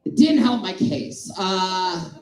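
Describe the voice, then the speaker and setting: A man doing a stand-up set in a small comedy club, crude and self-mocking, swinging between shouting and mumbling. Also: sits high, animated, slow, roomy sound, poor audio.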